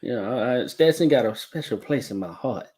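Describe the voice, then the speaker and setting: Male podcast co-host, laid-back, husky tone, short replies. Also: medium pitch, lively intonation, a little fast, a little mellow. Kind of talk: casual fan podcast chat.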